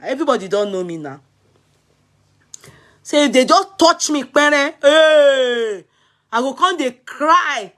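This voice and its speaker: Nigerian woman, Yoruba accent, high-pitched, comic storytelling, animated. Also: takes it slowly, pauses often. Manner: animated, laughing, acting out childhood crying. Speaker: vlogger.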